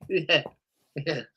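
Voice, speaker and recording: A man co-hosting a casual podcast chat over a remote call, agreeable and halting, with many fillers. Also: pushed and bright, a little hiss or hum. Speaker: podcast co-host.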